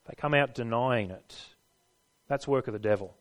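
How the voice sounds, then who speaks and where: A man's voice: mid-range voice, moderate pace. Emphatic preacher, a man. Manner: emphatic, rhetorical questions to the listeners. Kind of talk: sermon.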